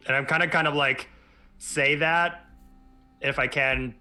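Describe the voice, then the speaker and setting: A man's voice: on the high side, fairly even intonation, a little slow, bright, forceful tone. A man playing a tabletop game, talking in a rambling way and often cutting himself off. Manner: rambling, self-interrupting. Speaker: player. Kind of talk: tabletop game play, casual.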